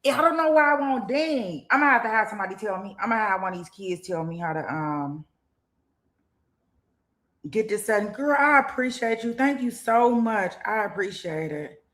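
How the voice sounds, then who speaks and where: A woman's voice: mid-range voice, expressive, moderate pace, a bit bright. A middle-aged woman hosting a casual livestream, chatting straight to her viewers and rambling with restarts. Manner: chatty, talks straight to viewers, thanks donors; rambling, with many restarts and fillers. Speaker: livestream host commenting on a trial.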